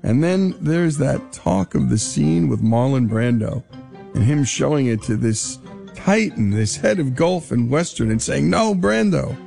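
Gravelly, enthusiastic male radio host. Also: medium pitch, animated, measured pace, mellow, soft background music. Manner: enthusiastic, emphatic. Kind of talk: broadcast commentary.

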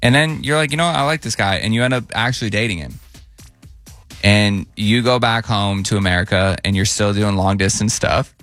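Radio host man telling a juicy story. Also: medium pitch. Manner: animated storyteller, acts out quotes, laughs often. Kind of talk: morning radio banter, storytelling.

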